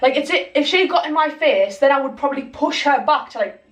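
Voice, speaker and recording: A young woman telling a story in casual chat, animated, swearing and acting out what people said. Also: sits high, a little fast. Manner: animated, swears a lot, acts out quotes. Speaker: vlogger. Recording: echoey room, mic at a distance.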